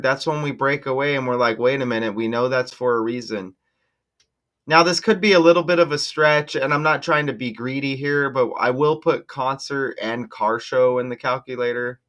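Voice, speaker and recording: A man hosting his own channel, talking casually and excitedly to viewers while walking through on-screen material, exclaiming often. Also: medium pitch. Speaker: channel host decoding news numbers. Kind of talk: casual screen-share commentary.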